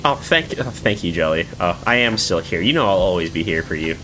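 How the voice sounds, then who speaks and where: A man's voice: low voice, lively intonation, brisk, sharp tone, slight background noise. A man streaming live, chatting casually with viewers in a rambling, swearing way with lots of filler words.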